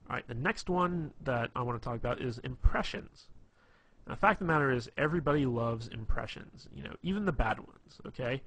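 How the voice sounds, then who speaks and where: A man's voice: mid-range voice, expressive, a little fast, a bit bright, husky. A man giving casual, rambling advice on being funny, full of fillers and restarts. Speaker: dating advice presenter. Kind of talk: casual instructional talk.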